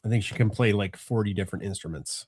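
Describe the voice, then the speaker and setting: A man's voice: on the low side, fast, a little mellow, husky, dry recording, clean studio sound. A middle-aged man, chatting casually on a family podcast, rambling and restarting often. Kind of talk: casual chat.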